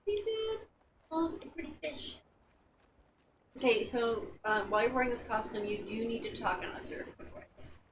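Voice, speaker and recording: A teasing woman chats casually while they play a game together. Her voice sits a little high and comes from some way off the microphone, over a steady hiss of background noise. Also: normal speed. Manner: teasing, playful. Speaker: gaming streamer. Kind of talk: casual gameplay chat. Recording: distant mic with background noise.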